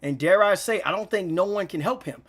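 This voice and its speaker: A man's voice: sits high, fairly quick. A young man talking straight to camera in an emotional, rambling monologue, repeating himself, using slang, and close to tears. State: near tears. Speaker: gaming channel vlogger.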